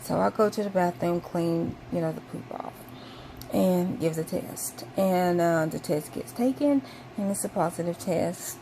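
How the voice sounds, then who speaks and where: A woman's voice: fairly low pitch, measured pace, vocal fry, mellow, a little hiss or hum. A woman vlogger casually telling a personal story to camera, with lots of "um" and "like" and bursts of exaggerated indignation.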